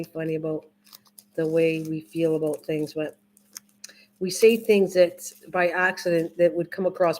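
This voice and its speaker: Older female livestream host, casual rambling chat with viewers, slightly low-pitched. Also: darkish tone. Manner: rambling, repeats herself, restarts often.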